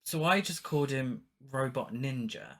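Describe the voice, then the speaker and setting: A man's voice: mid-range voice, normal speed. A man co-hosting a podcast, casually recapping a film's plot with dry jokes and the odd swear word. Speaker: podcast co-host. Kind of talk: casual film review chat.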